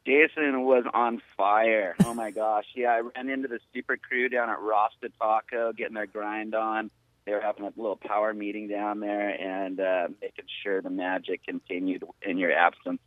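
A man's voice: lowish voice, level tone, normal speed, dry recording. Upbeat surf reporter man on phone. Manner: loud and upbeat, playful jokes. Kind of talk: live radio call-in report. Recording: tinny dry phone line.

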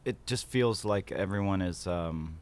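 Laid-back deep-voiced musician guest. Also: male voice, measured pace, clear, resonant tone. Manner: laid-back, dry humor. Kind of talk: casual radio interview.

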